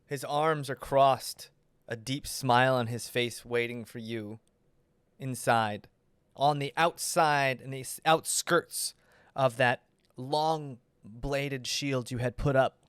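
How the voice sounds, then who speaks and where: Man running a tabletop game, slow narration, dry close sound. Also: medium pitch, a bit bright, smooth, no room sound. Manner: descriptive, measured narration with small restarts. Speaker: game master.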